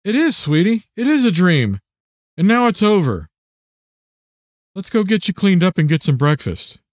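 A tender, reassuring father speaking softly to his scared little girl, as a man reading his own book puts him on. His voice sits slightly raised and moves with a lively lilt. The sound is close and completely dry. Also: high voice, moderate pace, no room sound, voice pushed up. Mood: soothing. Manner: soft, reassuring. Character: gentle father soothing his young daughter.

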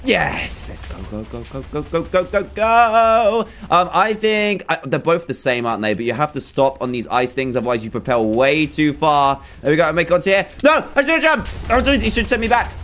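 Young guy playing a game, high lively voice, yelps and groans, faint music behind. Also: moderate pace, hardly any pauses. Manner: excitable, exclaims and groans at failed jumps. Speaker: gaming YouTuber. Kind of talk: let's play commentary.

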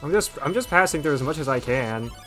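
A man's voice: medium pitch, animated, quick pace, fairly bright tone, soft background music. A man giving casual gameplay commentary with wry, sarcastic asides. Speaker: let's play gamer.

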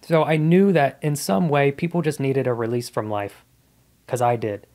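A man's voice: medium pitch, fairly even intonation, moderate pace, darkish tone. A man in his thirties, a comedian guest on a podcast, telling his life story in a casual, earnest and reflective way.

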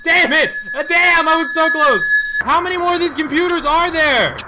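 A man doing a let's play commentary on a horror game, jumpy, loud and joking as he shouts at what happens on screen. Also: very high-pitched, moderate pace, noisy background. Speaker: gaming video host.

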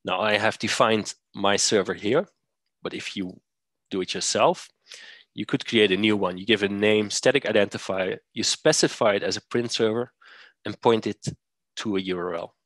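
A man presenting a software demo, walking through steps methodically with occasional fillers. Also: fairly low pitch, steady tone, moderate pace, no echo. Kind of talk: screen-share software demo.

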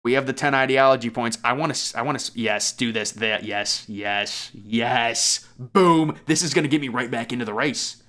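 A young man giving casual, rambling gameplay commentary as a YouTuber, excitable and self-mocking. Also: mid-range voice, normal speed, few pauses. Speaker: gaming YouTuber.

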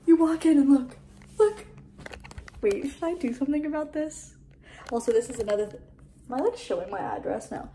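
A woman's voice: sits high, a little fast, pauses often, dark tone, slight background noise. A young woman rambling to the camera in a casual home vlog, chatty and full of fillers. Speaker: lifestyle vlogger. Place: at home, indoors.

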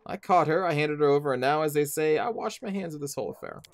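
A man's voice: on the high side, quick pace, no echo, close to an everyday voice. A man reading the lines of a cocky, teasing female rogue in a game, with a breezy, mocking delivery.

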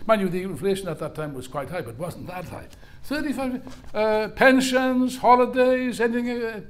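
High-voiced older man giving a fiery speech. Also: lively intonation, normal speed. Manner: emphatic, repeats key phrases for force. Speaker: rally speaker. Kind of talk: impassioned political speech. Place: at a political rally.

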